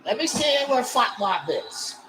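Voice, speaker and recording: A woman hosting a live watch-along stream of a football match, talking excitedly and shouting exclamations again and again. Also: fairly high pitch, measured pace, background noise. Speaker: livestream host.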